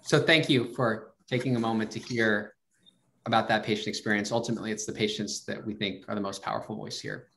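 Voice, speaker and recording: A man presenting a webinar in a relaxed way, with many fillers. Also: on the low side, a little fast, vocal fry.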